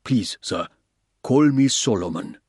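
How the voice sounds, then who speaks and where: A man voicing a grateful, humble hotel porter who speaks softly and deferentially. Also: on the low side, animated, takes it slowly, slightly rough, dry recording, clean studio sound, full character voice. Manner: soft, deferential.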